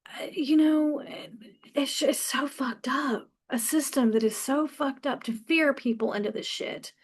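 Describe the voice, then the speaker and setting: A woman's voice: high-pitched, measured pace. A woman in her fifties hosting a podcast, talking passionately and bluntly in a candid personal monologue, swearing freely and often restarting her sentences. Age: 50s. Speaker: podcast host.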